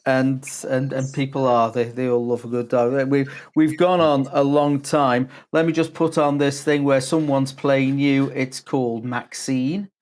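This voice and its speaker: A man's voice: mid-range voice, flat delivery, unhurried, hardly any pauses, a little mellow. Teasing male radio interviewer. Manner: teasing, conversational.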